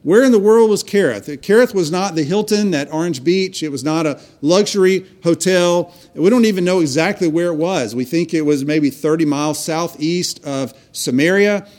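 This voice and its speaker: A man's voice: on the high side, normal speed, few pauses, darkish tone. A man preaching a sermon, telling a story earnestly with frequent restarts. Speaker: pastor.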